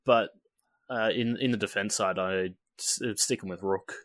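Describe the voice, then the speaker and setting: A man with a fairly low voice chatting about games, tripping over his words and swearing now and then. The sound is dry, with no room echo. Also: fairly even intonation, normal speed, a bit bright. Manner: hesitant, stammers and restarts, swears casually. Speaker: podcast co-host. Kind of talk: casual gaming chat.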